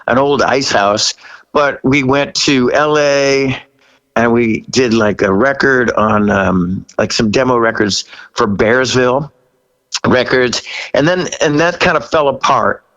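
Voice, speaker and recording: A man in his sixties, a rock singer as a guest, telling a story in a casual interview, laughing often and jumping high when he quotes himself. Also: measured pace, a bit bright, muffled recording.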